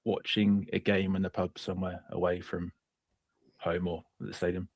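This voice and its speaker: Dry low-voiced man. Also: little pitch movement, normal speed, no room sound. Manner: dry, understated storytelling. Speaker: podcast co-host. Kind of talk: casual storytelling.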